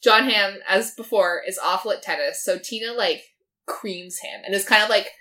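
A woman's voice: medium pitch, moderate pace, bright, forceful tone. A young woman in casual chat, recapping a TV episode in a filler-heavy way and quoting the characters in her own voice. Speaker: podcast co-host.

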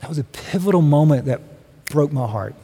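Middle-aged male preacher, fairly high voice, conversational and funny, with a long hall reverb. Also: animated, fairly quick, dark tone, slightly rough. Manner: conversational storytelling with humor. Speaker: guest speaker. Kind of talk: sermon. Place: church sanctuary.

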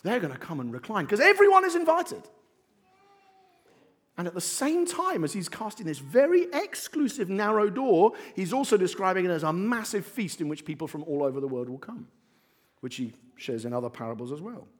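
A man preaching a sermon in a church, animated, swinging from hushed asides to emphatic points. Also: high voice, moderate pace. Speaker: pastor.

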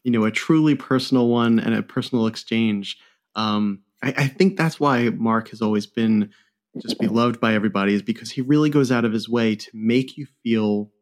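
A man hosting a casual chat, relaxed, mostly giving brief reactions. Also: on the low side, normal speed.

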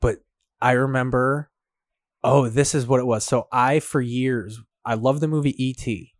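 Young man, loose profane chat, mid pitch, dry close mic. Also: fairly even intonation, unhurried, no room sound. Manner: profane, laughing, uses "dude" a lot. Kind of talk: casual chat.

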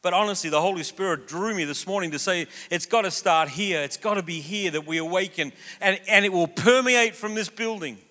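A man's voice: high-pitched, fairly quick, few pauses. A man preaching a sermon, telling a story and acting out the voices in it. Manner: animated, acts out quoted voices. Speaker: pastor. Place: church auditorium. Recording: long reverb of a church hall.

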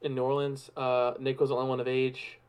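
A young man from Arizona, a podcast guest, talking in a relaxed, earnest way. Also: mid-range voice, a little fast, smooth. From Yuma, Arizona. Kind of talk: casual chat.

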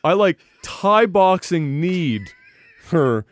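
A man co-hosting a podcast, telling a profane, animated story full of laughter in casual talk. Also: high voice, drawn-out words, no room sound. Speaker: podcast co-host.

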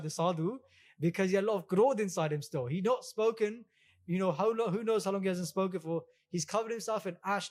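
A man giving a storytelling sermon on scripture, relaxed and conversational, acting out quotes and mixing in Punjabi words. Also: sits high. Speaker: religious teacher giving katha.

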